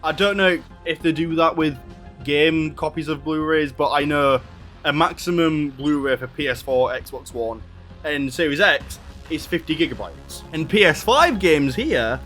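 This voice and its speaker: A man's voice: a little high, unhurried, a bit bright, faint music behind. A man casually explaining game discs and storage in a home vlog, rambling and correcting himself as he goes. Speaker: gaming YouTuber. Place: home room with a console and desk.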